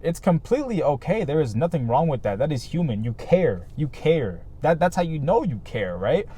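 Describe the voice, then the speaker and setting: A man's voice: fairly high pitch, sing-song, moderate pace, warm tone, husky. A man talking casually to his viewers in a vlog, earnest and rambling, with many fillers and "right?" tags. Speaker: vlogger. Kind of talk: casual reflective talk to camera.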